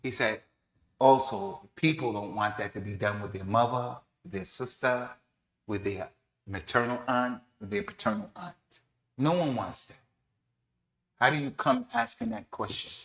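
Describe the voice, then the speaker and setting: Man, mosque teacher, animated storytelling, middle pitch, echoey hall. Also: measured pace, vocal fry. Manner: animated storytelling, acting out quoted voices. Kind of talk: sermon-style lesson.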